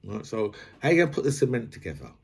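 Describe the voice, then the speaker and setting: Husky man ranting. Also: fairly low pitch, big pitch swings, quick pace, a little mellow. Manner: rambling, peppers talk with "right?" and "you know"; builds points through analogies. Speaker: host. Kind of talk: casual commentary vlog.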